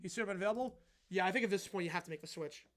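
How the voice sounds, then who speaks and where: A man hosting a live stream, giving play-by-play football commentary and answering viewer chat between plays, getting excited on big plays and relaxed on the asides. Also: very fast. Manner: rises into excited calls on big plays, drops low and casual when answering chat. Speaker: stream host calling games.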